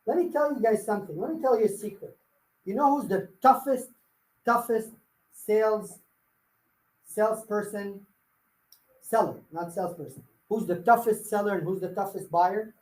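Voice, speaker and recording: A man's voice: high voice, normal speed, pauses often, darkish tone, reverberant, poor audio. A man leading a live sales coaching workshop, blunt and firing rhetorical questions at his audience. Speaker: real estate sales trainer.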